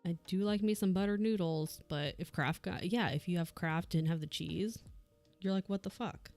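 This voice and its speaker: A woman's voice: on the low side, normal speed, darkish tone, faint music behind. A young woman streamer chatting casually while she crafts, telling a rambling story and laughing often. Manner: laughs often, rambling anecdote with acted quotes.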